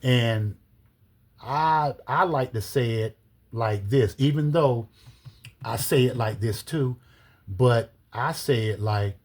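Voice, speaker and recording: Slow, husky man teaching scripture. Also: mid-range voice, a little mellow. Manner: deliberate, spells words out letter by letter; reads scripture verses aloud with references. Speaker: religious teacher.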